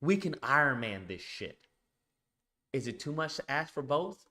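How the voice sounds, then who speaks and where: A man's voice: medium pitch, big pitch swings, unhurried, pushed and bright. A man hosting a live stream, ranting emphatically about a video game, repeating points and swearing often. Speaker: streamer and show host. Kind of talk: casual live-stream rant.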